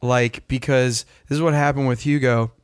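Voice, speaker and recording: A man's voice: medium pitch, moderate pace, clear, resonant tone, dry recording. Casual storytelling man, dry sound. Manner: animated storyteller, acts out quotes, swears freely. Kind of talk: casual chat.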